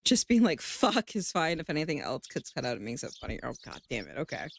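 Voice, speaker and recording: A woman's voice: sits low, sing-song, fast talker, creaky. A woman streaming live, chatting casually and reading a visual novel aloud, laughing often and swearing freely.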